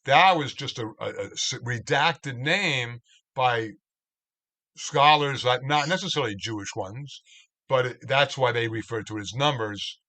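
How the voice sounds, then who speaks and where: Cantor-type man teaching scripture over a computer mic: middle pitch, slow, thoughtful delivery, bright voice. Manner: slow, reflective, with many restarts and asides. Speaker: cantorial spiritual leader. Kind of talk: online Torah study teaching.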